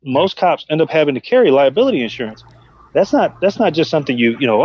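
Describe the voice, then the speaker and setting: A middle-aged man and former police officer, chatting on a podcast and telling animated stories about the job. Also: fast talker, a little hiss or hum. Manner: animated storytelling, acts out quotes in a high voice. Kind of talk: casual podcast chat. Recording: dull, dry podcast audio.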